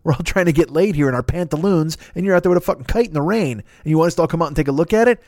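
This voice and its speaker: A man's voice: on the high side, rapid-fire, dry recording, clean studio sound, voice pushed up, lightly acted. A man playing a rowdy, exasperated group of colonial men in a comedy rant. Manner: yelling, exasperated, crude.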